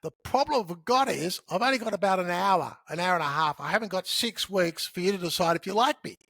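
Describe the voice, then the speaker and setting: High-voiced man explaining sales tactics. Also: fairly quick, creaky, dry recording. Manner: animated storyteller who acts out dialogue. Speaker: podcast guest, sales author. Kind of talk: conversational teaching.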